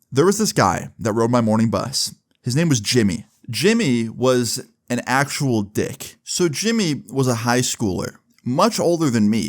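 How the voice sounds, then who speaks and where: A young man talking casually to the camera, telling a storytime in a loose, profane style full of "like" and "bro". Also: mid-range voice. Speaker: vlogger.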